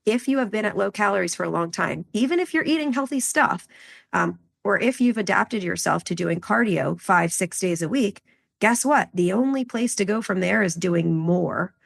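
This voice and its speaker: A woman's voice: mid-range voice, animated, moderate pace, gravelly. A woman co-hosting a podcast, talking casually as a health coach and explaining with client examples.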